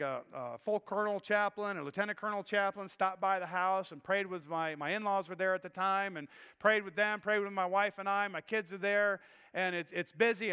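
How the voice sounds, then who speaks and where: A man's voice: high-pitched, sharp tone, clean tone, long reverb tail. A middle-aged man preaching a sermon as pastor, telling a personal story in an earnest, emotional way with frequent restarts. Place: church sanctuary.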